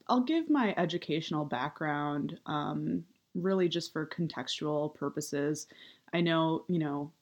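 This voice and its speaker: A woman in her thirties speaking in a low, unhurried voice. She talks in a loose, casual monologue, full of vocal fry and upward inflection. Fillers like "um" and "you know" come often. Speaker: writer and activist.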